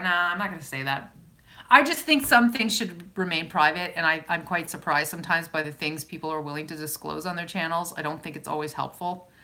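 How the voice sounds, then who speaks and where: A woman's voice: low-pitched, sharp tone. A woman with a Calgary, Alberta Canadian accent, chatting casually as a YouTuber who answers viewer comments, rambling and often breaking off mid-sentence. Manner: rambling, self-interrupting, chatty. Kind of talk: casual live chat.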